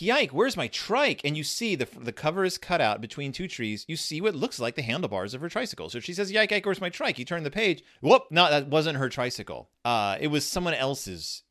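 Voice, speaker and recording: A man's voice: on the high side, fairly bright tone. A man in his forties giving a chatty, amused review of a children's picture book, full of rambling asides. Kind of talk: casual book commentary.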